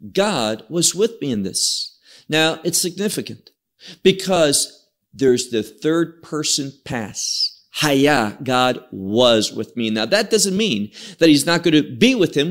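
A man teaching an evening Bible study, reading verses aloud, quoting Hebrew words and restarting his phrases. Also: mid-range voice.

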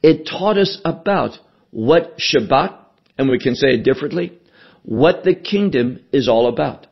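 A man preaching a sermon, deliberate and emphatic, repeating key phrases for weight. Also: medium pitch, expressive, gravelly, slightly rough, highs cut off. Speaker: pastor.

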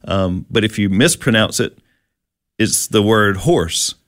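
A man's voice: lowish voice, takes it slowly, no room sound, clean studio sound. A man co-hosting a casual Bible teaching chat, explaining verses with plenty of fillers and restarts. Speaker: co-host.

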